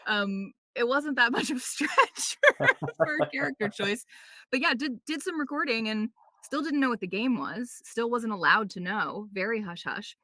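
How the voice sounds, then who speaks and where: Bright-voiced chatty woman voice actor. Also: fairly high pitch, expressive. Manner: chatty, quick anecdotes with playful quoted asides; frequent fillers like "like" and "um". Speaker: video game voice actor, podcast guest. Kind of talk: casual podcast interview.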